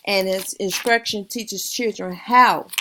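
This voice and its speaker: A woman reads her class presentation aloud from notes, stopping now and then to correct herself. Her voice sits at a middle pitch for a woman. A faint hiss and small clicks run under the recording. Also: fairly even intonation. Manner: reads from notes with pauses, fillers and self-corrections.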